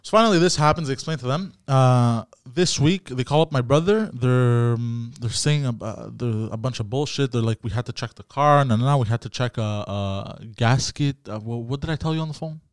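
Podcast host, male, mid-pitched, chatty and profane, dry studio mic. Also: a little fast, few pauses, clean tone, no room sound. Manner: rambling, profane, animated storyteller. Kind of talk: casual storytelling chat.

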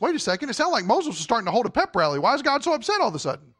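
A man's voice: very high voice, big pitch swings, very fast, a bit bright. A man preaching a sermon as pastor, emphatic and full of rhetorical questions.

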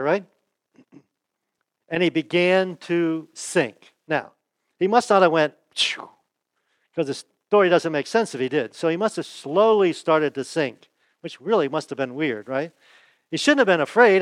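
A man preaching a sermon in a relaxed, conversational way, asking his listeners rhetorical questions. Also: fairly high pitch, dry recording. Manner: asks the audience rhetorical questions; folksy, chuckles and restarts. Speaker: pastor.

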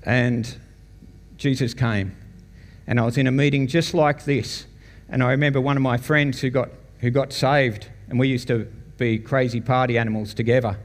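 A man's voice: mid-range voice, fairly even intonation, normal speed. Australian man telling his testimony in a reverberant hall. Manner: conversational storytelling, chuckles often. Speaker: church guest speaker. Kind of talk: personal testimony to a congregation. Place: church meeting hall.

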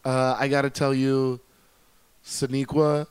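A man's voice: medium pitch, level tone, slow, clean tone. A man chatting casually as a guest on a podcast, enthusiastic and rambling with lots of fillers. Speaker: guest reviewer.

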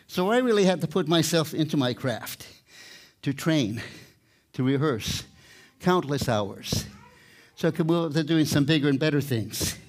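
A man's voice: fairly high pitch, animated. An older man, a tightrope walker, giving a live talk with storytelling and light humor, out of breath at times. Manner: storytelling, warm humor, pauses to catch breath. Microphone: microphone, speaking to a live audience.

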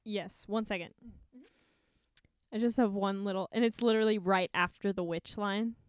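A woman's voice: medium pitch, steady tone, normal speed, clear, resonant tone, no room sound, clean studio sound. A woman in a casual book chat, amused and agreeable, often giving short replies. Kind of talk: casual chat about books.

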